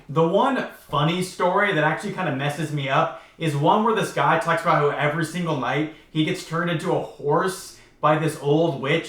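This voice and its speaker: A man's voice: on the high side, a bit bright. A young man in his twenties giving casual, chatty book commentary, full of "like" and wry asides. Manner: chatty, heavy use of 'like', wry. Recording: echoey room.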